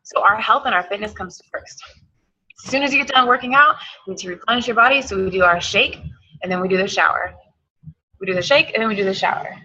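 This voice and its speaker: A woman's voice: mid-range voice, quick pace, sharp tone, slightly rough, muffled recording. A woman giving an emphatic, hyped motivational talk on a team call, repeating her points. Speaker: team coach.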